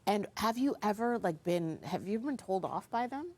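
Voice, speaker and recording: A woman hosts a morning television show from a studio couch. She chats in a bright, easygoing way and laughs along with her guests. Her voice sits at an ordinary middle pitch. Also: lively intonation, normal speed. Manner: bright, chatty, laughs often. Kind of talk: casual studio chat.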